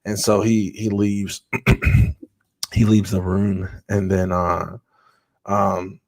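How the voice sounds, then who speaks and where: Male podcast guest, low voice, earnest and conversational storytelling. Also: level tone, slow, a little mellow. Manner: earnest, conversational, with frequent restarts and fillers. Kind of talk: personal storytelling in a podcast interview.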